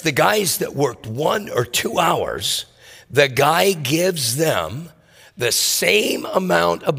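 Guy preaching, gravelly and slow, lively storyteller voice, big echoey hall. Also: high-pitched. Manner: animated storytelling, acts out voices. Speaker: pastor. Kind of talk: sermon.

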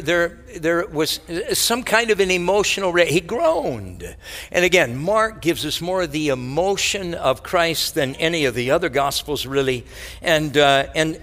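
A man preaching a verse-by-verse sermon, his voice somewhat high and bright. He hesitates often on filler sounds and restarts, and he poses rhetorical questions to the listeners. A long hall reverb follows each phrase, as in a large church hall. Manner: halting, many filler words and restarts. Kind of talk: expository sermon.

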